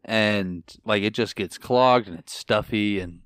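Lower-voiced man gushing in casual podcast chat. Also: a little slow, fairly bright tone, clean tone, no echo, studio quality. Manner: enthusiastic, rambling, gushing. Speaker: podcast co-host.

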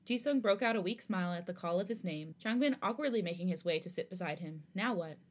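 A woman's voice: fairly low pitch, expressive, quick pace. A woman podcast host narrating fan fiction aloud in an earnest storytelling manner.

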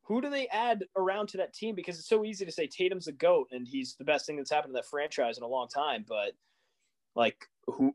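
A young man co-hosting a casual sports podcast, talking in animated, exasperated rants full of rising questions. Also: fairly high pitch, fairly quick. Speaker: podcast co-host.

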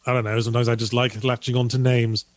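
A sardonic man chats casually as a podcast co-host. His voice sits at an ordinary pitch and is recorded close on the mic, with no room sound around it. He talks with a deadpan, wry manner. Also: fast talker, no echo. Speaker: podcast co-host reading viewer donations. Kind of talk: casual chat.

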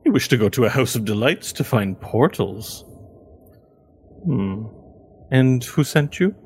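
A man's voice: animated, measured pace, a little mellow, slight background noise. A man voicing a formal, welcoming male impresario of a pleasure house in a tabletop game, speaking in a theatrical, courtly manner. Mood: probing. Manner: smooth, theatrical, welcoming, raised pitch.

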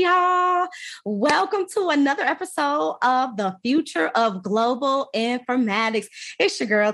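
A woman hosting a podcast, exuberant and playful, hyping up her guest with slangy banter. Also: fairly high pitch. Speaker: podcast host. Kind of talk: upbeat casual podcast hosting.

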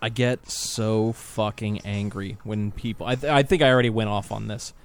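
A man's voice: on the low side, fairly even intonation, moderate pace, soft background music. Profane ranting man on a podcast. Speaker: podcast co-host. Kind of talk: casual podcast chat.

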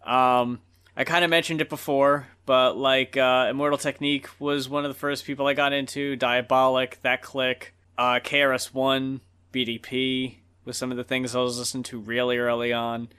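Bright-voiced man, loose and profane. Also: mid-range voice, level tone, clear, resonant tone. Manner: loose and profane, drawn-out storytelling. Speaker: podcast co-host. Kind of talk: casual podcast chat.

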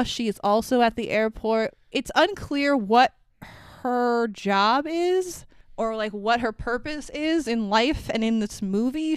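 A woman co-hosting a casual podcast, talking in an animated way, swearing freely and laughing often. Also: on the high side, clean tone, no room sound. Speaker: podcast co-host. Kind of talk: casual chat about movies.

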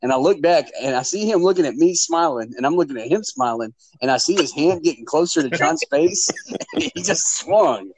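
A man's voice: fairly high pitch, animated, fairly quick, darkish tone, dry recording, low-quality recording. A man, hosting a casual podcast chat and laughing often as he tells stories. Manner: laughs often while telling stories, swears. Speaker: podcast host.

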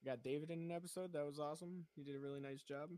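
A man's voice: on the high side, fairly even intonation, very fast, a little mellow, no room sound. A man chatting casually on a podcast, rambling with many fillers while he explains how he works. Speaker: podcast host and animator.

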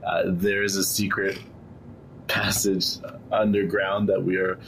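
Low, slow-talking man in a tabletop game. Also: flat delivery, gravelly, a bit bright, slight background noise, low-quality recording. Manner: dry, blunt, laughs often. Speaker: player. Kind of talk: tabletop role-play.

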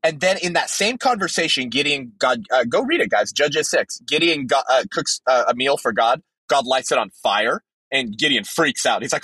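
Male podcast guest, fervent preacher delivery; fairly high, husky voice, very animated pitch. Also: moderate pace, no echo, poor audio. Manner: fervent, emphatic, with sudden leaps in pitch. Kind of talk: impassioned preaching-style commentary.

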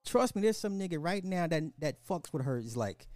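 Dark-voiced exasperated male podcast host. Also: on the high side, big pitch swings, brisk, dry recording, studio quality, soft background music. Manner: exasperated, repeats phrases for emphasis. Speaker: podcast host reacting to clips. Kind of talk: commentary podcast.

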